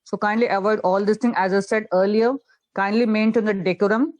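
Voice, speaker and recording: A woman's voice: medium pitch, steady tone, fairly quick, darkish tone, muffled recording. A woman moderating an online class, firm and strict as she sets the rules. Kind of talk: group announcement. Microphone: video call.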